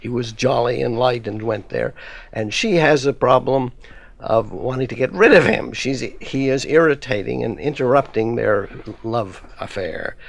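A man speaking as a guest scholar in a radio discussion, halting, with many fillers and restarts. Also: mid-range voice, vocal fry. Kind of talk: academic discussion.

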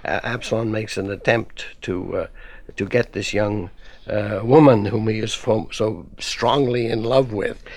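A man with a gravelly, creaky voice talks as a guest scholar in a radio discussion. He halts often, with many fillers and restarts. The studio sound is dry and close. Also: on the low side, fairly even intonation, a little slow, darkish tone, no room sound. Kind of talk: academic discussion.

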